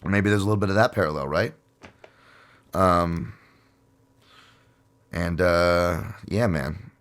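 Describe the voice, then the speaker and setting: A man's voice: low-pitched, steady tone, takes it slowly, a bit bright. A man hosting a solo podcast in a casual, rambling, profane way, with lots of fillers. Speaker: podcast host.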